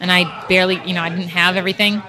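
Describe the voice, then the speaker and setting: A woman's voice: fairly low pitch, little pitch movement, racing, crowd noise. A woman in casual podcast chat who laughs often, swears playfully and pokes fun at herself.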